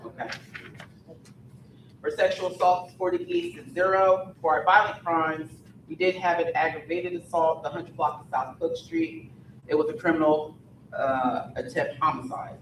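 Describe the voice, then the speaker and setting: A man's voice: fairly high pitch, fairly even intonation, moderate pace, recorded from a distance. Tired male detective giving crime stats. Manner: tired, plain report with small stumbles. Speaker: police detective. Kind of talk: public forum briefing. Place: community meeting room. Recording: echoey room recorded from afar, noisy.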